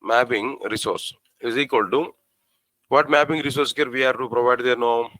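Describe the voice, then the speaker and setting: Male coding instructor, mid-pitched, talks through code step by step with lots of questions to the class, dry sound. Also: steady tone, pushed and bright, no room sound, low-quality recording. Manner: repetitive, asks the class questions, spells out code slowly. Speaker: programming teacher. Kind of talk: live coding lesson.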